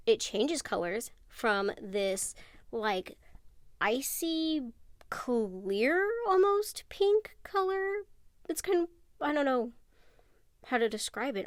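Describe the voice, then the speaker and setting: A woman's voice: mid-range voice, no echo. A woman narrating a casual how-to vlog in a chatty, rambling way, full of asides. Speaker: nail tutorial vlogger.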